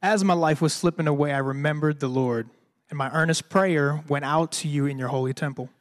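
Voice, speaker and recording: A man reading scripture aloud slowly and steadily, heard at a distance. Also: a little high.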